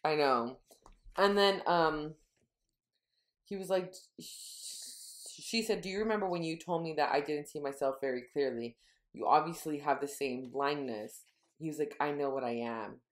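Woman podcast co-host with a deep, low voice, casual recap with murmured quotes. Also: unhurried. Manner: retells scenes, quoting dialogue in a low murmur. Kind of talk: casual book-recap chat.

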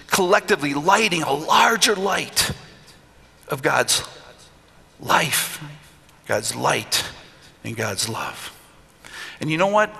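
Animated middle-aged preacher, bright and gravelly. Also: male voice, a little high. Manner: animated, acts out voices in stories. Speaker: pastor. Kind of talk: storytelling sermon. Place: church hall. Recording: long hall reverb.

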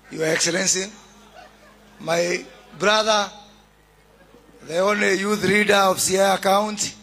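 Speaking as a government minister at a launch, a Kenyan-accented man gives a measured, oratorical public address and shouts greetings to the audience. His voice is high-pitched and a bit bright.

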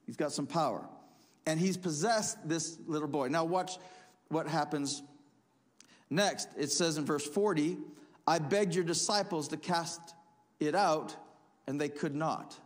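A man preaching a sermon as pastor, emphatic, swinging between loud punchy lines and quiet asides. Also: a little high, a little slow. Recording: long hall reverb.

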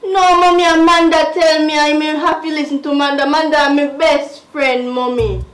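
A woman's voice: high voice, steady tone, normal speed, a bit bright, echoey room, soft background music. An actress with a Jamaican accent playing a young woman who pleads and whines with her mother. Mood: pleading. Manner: pleading, whiny. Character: whiny young Jamaican daughter, pleading and tearful. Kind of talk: film dialogue.

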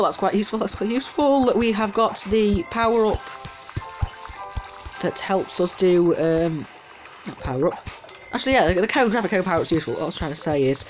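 Man, let's play commentary, very animated intonation, chatty, easily distracted, faint game music behind. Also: high voice. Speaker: gameplay commentator.

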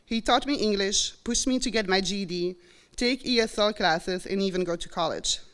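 A woman's voice: medium pitch, moderate pace, fairly bright tone. A woman in her forties from Belgium with a Belgian French accent, reflectively telling a personal story on stage. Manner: earnest, reflective, acts out quoted voices. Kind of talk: live storytelling performance. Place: college stage before an audience.

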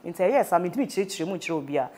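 An expressive, fast-talking woman with a dark tone and a voice on the low side recounts a painful story from her life. She has a Ghanaian accent, blends Twi with English, and speaks as an interviewee giving emotional testimony.

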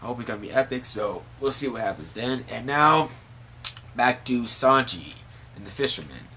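A man's voice: medium pitch, expressive, moderate pace, pushed and bright, husky. A man casually recapping a manga chapter, rambling with many fillers. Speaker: manga reviewer.

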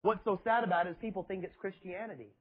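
A man's voice: high-pitched, fairly even intonation, fast talker, breathy edge, dull audio. A male preacher, preaching a sermon in a mocking, sarcastic way with emphatic repetition, in a church with children present.

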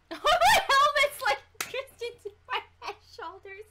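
A young woman commentating a video game, loud and excitable, yelling, swearing and laughing at the game. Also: very high-pitched, very slow, noisy background. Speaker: gameplay commentator. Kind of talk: let's play commentary.

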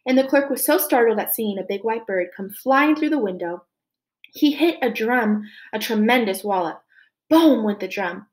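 A woman teacher reading a chapter book aloud to children. She reads expressively and stops now and then to comment for her listeners. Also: on the high side.

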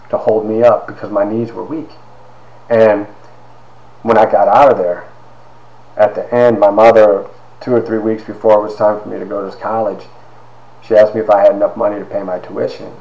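Middle-aged man, low voice, storytelling testimony in a reverberant room. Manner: storytelling, quotes people in quiet asides. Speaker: speaker giving a testimony. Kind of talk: personal testimony talk.

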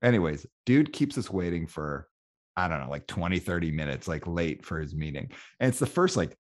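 A man hosting a podcast and telling a story in a chatty, animated way. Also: low voice, a little fast. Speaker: podcast host. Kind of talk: casual storytelling in an interview.

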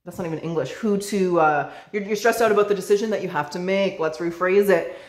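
A woman's voice: lowish voice, a little fast. A woman giving a casual tarot reading, chatty, calling the viewer baby and swearing now and then. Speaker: tarot reader. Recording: roomy echo.

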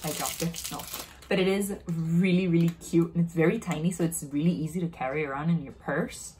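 A woman's voice: low voice, fairly even intonation, fairly quick, warm tone, slight background noise, poor audio. A young woman chatting casually while unboxing and trying on makeup, narrating each step and easily delighted. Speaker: beauty vlogger.

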